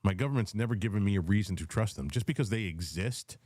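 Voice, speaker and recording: A man in his forties with a very low, dark voice talks through his politics in a rambling, conversational way. The sound is dry and close, with no room around it. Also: quick pace, no room sound. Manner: rambling, conversational, swears casually. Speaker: podcast host. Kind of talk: casual political chat.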